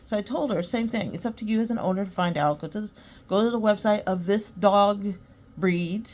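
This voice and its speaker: A woman's voice: medium pitch, fairly quick, darkish tone. A woman hosting a podcast, chatting casually and acting out both sides of her conversations, then giving earnest advice. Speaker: podcast host. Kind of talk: casual storytelling monologue.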